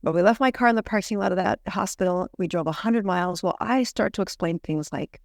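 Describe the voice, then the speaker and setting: In a mid-range voice that runs a little fast with few pauses, a middle-aged American physician guest tells an earnest personal story, peppered with "you know" restarts. Dry, studio-quality audio.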